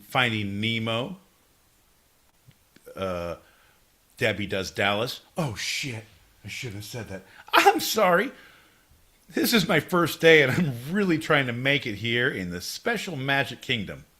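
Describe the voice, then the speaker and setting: Man playing a jittery new theme-park tour guide, eager to please, flustered, lively bouncing voice. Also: mid-range voice, a little slow. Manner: flustered, eager, slipping into crude asides. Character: nervous male Disney tour guide on his first day.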